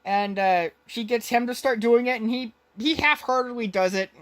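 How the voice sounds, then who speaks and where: A woman's voice: fairly high pitch, moderate pace. A woman co-hosting a podcast, recapping a movie in casual chat and rambling along with lots of fillers and restarts. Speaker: podcast co-host.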